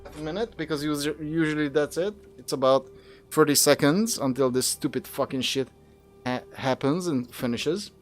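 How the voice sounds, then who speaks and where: Young dude streaming a game, kinda high voice, swears a lot, music faint behind. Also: male voice, normal speed. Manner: cursing, exasperated at the game. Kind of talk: live gameplay commentary.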